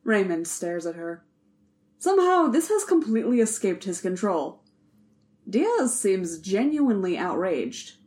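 A woman reading a story aloud as narrator, in an even, measured way. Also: medium pitch. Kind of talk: audiobook narration.

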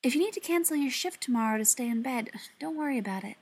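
A woman's voice: high voice, animated, quick pace. A woman voicing a kindly, fussing older woman in a storybook reading. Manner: warm, fussing.

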